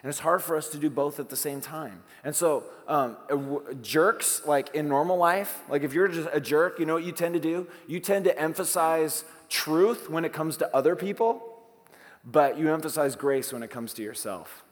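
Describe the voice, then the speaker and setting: A man preaching a sermon as pastor, talking conversationally, asking rhetorical questions and swinging between hushed lines and emphatic ones. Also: fairly high pitch, moderate pace, long reverb tail.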